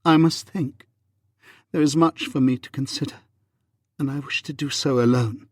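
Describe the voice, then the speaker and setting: A man voicing a hurt, proud young Regency wife in an audiobook, with a husky, measured and restrained delivery. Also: medium pitch, steady tone, no echo, studio quality, pitched above the performer's own voice, lightly acted. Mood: wounded. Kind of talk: audiobook reading.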